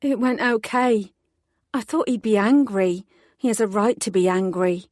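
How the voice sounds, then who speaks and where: A woman's voice: medium pitch, steady tone, measured pace, darkish tone, no room sound, clean studio sound, voice pushed up, close to an everyday voice. A woman voicing a blunt young woman detective. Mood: frank.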